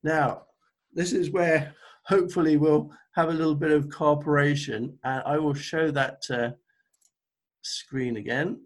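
Speaking unhurriedly with fairly even intonation, this pastor has a slightly high voice. He delivers an earnest, conversational sermon by video call while recovering from illness, tossing in self-deprecating remarks.

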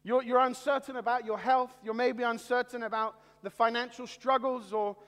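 High-voiced pastor preaching in a reverberant hall. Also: male voice, fairly even intonation, fairly bright tone. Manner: earnest, deliberate preaching with slow dramatic pauses. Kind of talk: sermon.

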